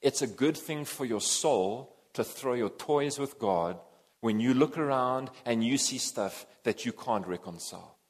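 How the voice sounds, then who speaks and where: Husky preacher, animated. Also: male voice, mid-range voice, unhurried. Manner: animated, emphatic, swings between loud and soft. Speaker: pastor. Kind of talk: sermon.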